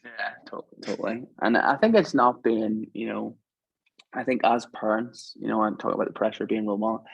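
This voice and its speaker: Husky-voiced man, low and earnest. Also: brisk, dry recording, highs cut off. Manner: reflective, earnest storytelling. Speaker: podcast guest. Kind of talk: casual chat.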